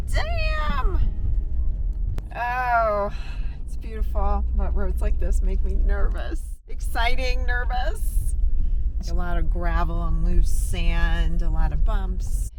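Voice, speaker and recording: A woman vlogger exclaiming and talking to herself while driving a truck camper down a bumpy gravel road. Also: mid-range voice. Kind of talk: casual self-filmed commentary.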